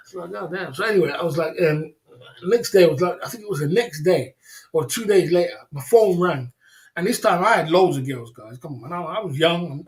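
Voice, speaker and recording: Guy rambling thru a story on a livestream, slangy, keeps repeating himself, kinda high voice. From England. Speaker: livestream host.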